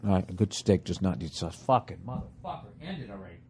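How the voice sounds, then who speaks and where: A man's voice: deep voice, expressive, quick pace, a little mellow, a little hiss or hum. A middle-aged man hosting a comedy podcast, ranting profanely in a casual monologue while chewing food as he talks. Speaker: podcast host.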